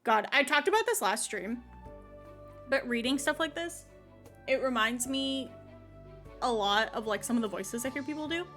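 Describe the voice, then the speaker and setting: Young woman streamer, high voice, excitable and giggly, faint music behind her. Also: normal speed, long pauses. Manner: chatty, excitable, laughs often. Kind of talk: casual live-stream chat.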